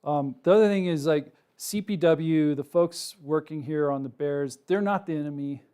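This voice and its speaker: A middle-aged man, a wildlife researcher, giving a public talk to a live audience, telling a personal story in a casual, animated way with lots of ums and likes. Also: a little high, normal speed, smooth. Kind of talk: public lecture with personal anecdote. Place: lecture room with a live audience.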